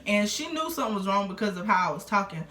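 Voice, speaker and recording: Talking fast in a sing-song, pushed, bright mid-range voice, a young adult woman rambles through a casual storytime vlog full of fillers and conversational asides. Echo from the room is noticeable.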